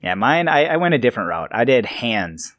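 A man's voice: medium pitch, sing-song, a little fast, fairly bright tone, no room sound, studio quality. A young man hosting a casual podcast chat, easygoing and often repeating words as he thinks.

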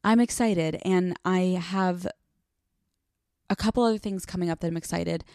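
A young woman hosting a solo podcast, chatting casually and rambling fast with lots of filler words and swearing. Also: on the low side, darkish tone, dry recording, clean studio sound. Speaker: podcast host. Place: hot small room, dry sound.

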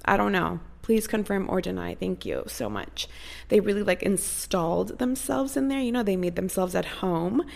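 A woman's voice: medium pitch, lively intonation, normal speed, creaky, a little mellow. A young woman chatting casually to her viewers, telling a story in a gushing, rambling way with many fillers. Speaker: vlogger.

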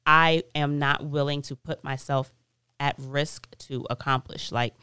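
Smooth-voiced animated woman host. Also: deep voice, a little slow, no room sound, studio quality. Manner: animated, blunt, casually swearing. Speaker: podcast host. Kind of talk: casual interview chat.

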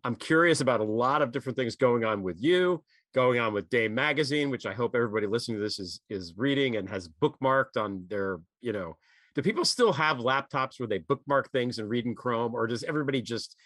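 A man's voice: medium pitch, fairly quick. A middle-aged man hosting a podcast, ranting heatedly with lots of swearing, then chatting casually. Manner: heated, profane and animated. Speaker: podcast host. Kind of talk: ranting monologue and casual chat.

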